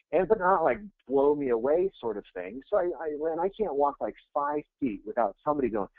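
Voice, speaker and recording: A male coach talks fast and with energy, mixing jokes into his coaching stories for a webinar. His voice sits at an ordinary pitch and comes through a thin, phone-like line. The sound is dry, with no room echo. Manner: energetic, joking, fast anecdotes. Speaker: real estate coach. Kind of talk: webinar coaching talk with storytelling.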